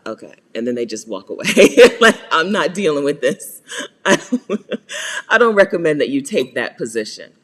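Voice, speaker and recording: American woman host for live Q&A, animated pitch, talks in a hall with long reverb, laughs often. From United States. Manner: chatty, laughs often, greets viewers by name. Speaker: host answering viewer questions. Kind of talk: live Q&A chat.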